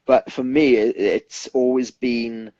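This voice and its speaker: A man's voice: mid-range voice, fairly even intonation, takes it slowly, darkish tone, no room sound, highs cut off. A young British man, a singer, chatting earnestly in an interview and rambling with frequent restarts. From United Kingdom. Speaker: singer guest. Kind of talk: casual interview chat.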